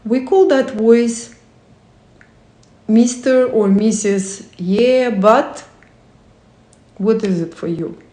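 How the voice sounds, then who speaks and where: A woman's voice: fairly high pitch, drawn-out words, pauses often, dark tone. A woman hosting a casual talk, reading from a book and asking the listener reflective questions, with non-native English phrasing and frequent self-corrections. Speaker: host. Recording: roomy echo.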